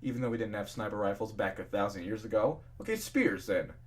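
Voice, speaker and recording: A man's voice: on the low side, lively intonation, fast talker. A young man casually reading fan fiction aloud, swearing freely and ranting in between. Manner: profane ranting, laughs at the text.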